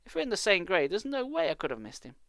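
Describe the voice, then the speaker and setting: A man's voice: high-pitched, wildly swooping pitch, quick pace, fairly bright tone, no echo, clean studio sound, pitched above the performer's own voice, heavily acted. A man voicing an anxious, earnest young schoolgirl who pleads urgently.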